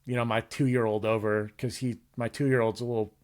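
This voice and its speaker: A man's voice: mid-range voice, little pitch movement, a little fast, a little mellow. A man in his thirties, a guest on a casual podcast, talking candidly and earnestly about parenting in a loose, rambling way with frequent restarts.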